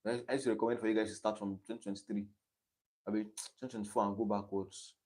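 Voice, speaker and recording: Teen Nigerian guy, low mellow voice, livestream study session, thinks aloud. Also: level tone, fast. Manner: thinks aloud, reading quiz options aloud and chatting between them. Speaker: exam candidate streaming his study session. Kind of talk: casual livestream tutoring.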